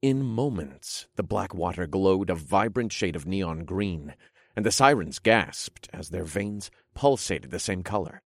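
Deep-voiced man narrating a fantasy tale. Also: lively intonation, measured pace, dry recording, clean studio sound. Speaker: audiobook narrator. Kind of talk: first-person fantasy narration.

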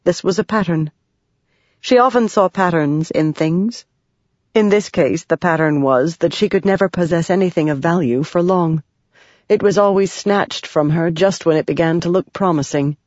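An audiobook narrator reading a fantasy novel in an even, measured way. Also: medium pitch, no echo. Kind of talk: scripted narration. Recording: dry, dull lo-fi sound.

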